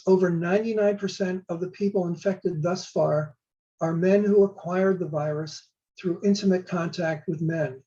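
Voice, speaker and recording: An older man, a law and public health professor, giving a measured, prepared explainer talk. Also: sits high, dark tone, lo-fi sound. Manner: measured, slow spelling out of terms.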